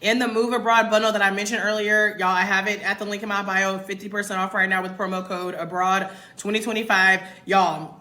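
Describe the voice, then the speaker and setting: Speaking into her phone at home in Mexico, this US-born woman in her twenties or thirties, an expat content creator, talks casually to her livestream audience. Her delivery is brisk, level and sharp, with few pauses, at a medium pitch, and she addresses viewers head-on with emphasis.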